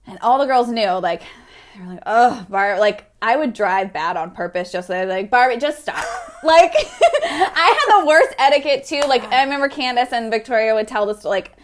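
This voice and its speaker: A woman in her thirties from the American South, a guest telling stories in a casual interview, animated and laughing often. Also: on the high side, brisk. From Florida, American South.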